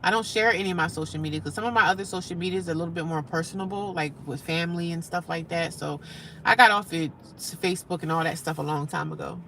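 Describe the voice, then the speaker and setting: A middle-aged woman talks casually to her live-stream viewers, answering their comments as she goes. Her voice sits low, with a gravelly edge and a bright, forward tone. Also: fast talker, slight background noise.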